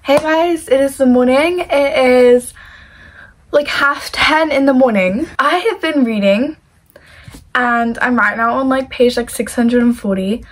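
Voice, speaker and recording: A young woman chatting casually in a reading vlog, gushing and excitable, full of "like" fillers. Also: high-pitched, unhurried, poor audio. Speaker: book vlogger.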